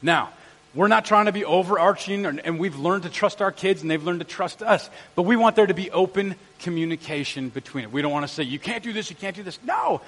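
A middle-aged male pastor preaching a lively sermon in a church auditorium, quizzing and joking with the congregation. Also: high voice, brisk. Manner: energetic, jokey, quizzes the congregation. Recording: long church hall reverb.

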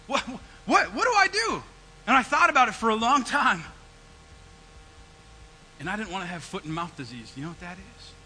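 A man's voice: high voice, slight background noise, exaggerated voice, rough recording. A man playing the brash, repentant prodigal son. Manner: animated storytelling, swings between loud and hushed. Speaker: preacher in character. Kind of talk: first-person narrative sermon monologue.

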